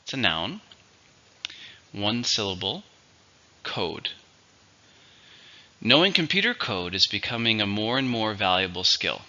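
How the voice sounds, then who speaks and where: A man teaching an English vocabulary lesson, pronouncing words slowly and carefully for learners. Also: on the low side, lively intonation, sharp tone. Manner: slow, careful pronunciation drills. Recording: dull lo-fi recording.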